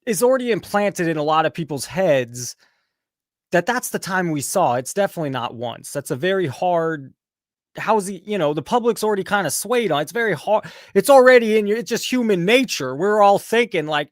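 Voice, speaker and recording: A man's voice: high-pitched, expressive, a little fast, dry recording, clean studio sound. Rambling, profane man hosting a call-in. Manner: rambling, profane, jumps between chat and caller. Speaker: host of a live call-in show. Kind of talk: casual live-stream chat. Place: home studio, fighting an echo.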